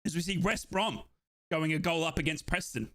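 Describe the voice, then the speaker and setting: Shouting, high-voiced young fan commentator. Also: male voice, moderate pace. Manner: shouting, euphoric, breathless bursts. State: out of breath. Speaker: fan watchalong streamer.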